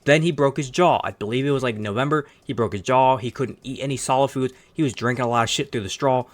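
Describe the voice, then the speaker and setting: A man hosting his own sports channel, giving rambling, opinionated commentary in a casual tone and swearing now and then. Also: medium pitch. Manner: fast rambling opinionated talk with some cursing.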